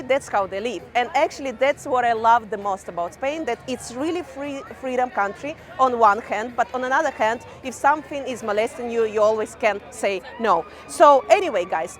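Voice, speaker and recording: Young Ukrainian-accented woman, vlogger, high bright pitch, chatty and loose with fillers. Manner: chatty, fillers like "kind of" and "you know". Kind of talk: casual talk to camera.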